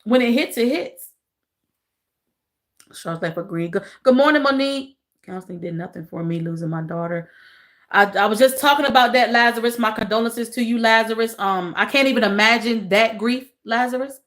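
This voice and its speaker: Woman, livestream host; casual chat with viewers, soft and emotional, repeats lines. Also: on the high side, normal speed. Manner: repeats phrases, talks to chat as y'all.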